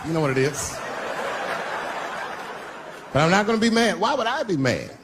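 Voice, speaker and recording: Brash, crude punchlines and mocking asides come from a middle-aged man whose voice is high and sing-song, at normal speed. He's doing stand-up on a live stage with a handheld mic, recorded with audience noise.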